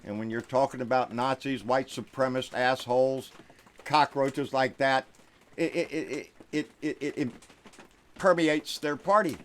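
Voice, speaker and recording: A man's voice: medium pitch, moderate pace. Folksy Texan man ranting. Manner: folksy, swings between quiet asides and loud outbursts. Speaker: live stream host. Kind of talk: political rant live stream.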